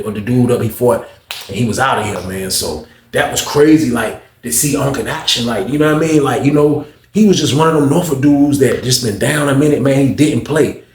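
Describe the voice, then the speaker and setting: A young man, telling a story in a casual way, full of street slang and repeating "man" at the end of his lines. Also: medium pitch. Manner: laid-back street slang, says "man" a lot, acts out quoted voices. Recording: echoey room with faint hiss.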